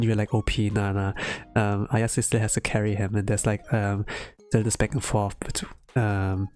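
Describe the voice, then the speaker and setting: This man, streaming himself as he draws, has a lowish voice with a darkish tone. He rambles through casual chat, peppering it with lots of "like" and "um."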